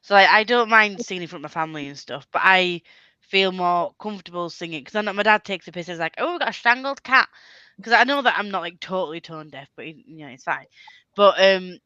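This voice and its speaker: A woman's voice: lowish voice, fast talker, bright, forceful tone, smooth, dry recording, lo-fi sound. A woman hosting a casual chat, laughing often and swearing freely. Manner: laughs often, swears, slips into silly voices. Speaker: host.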